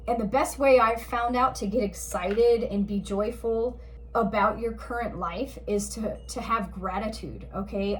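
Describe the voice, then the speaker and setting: A woman giving a gentle, reassuring spiritual card reading, speaking slowly and at times getting emotional. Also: medium pitch, a little hiss or hum. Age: adult parent of a school-age child. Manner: gentle, reassuring, slow, grows tearful and emotional. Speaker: oracle card reader.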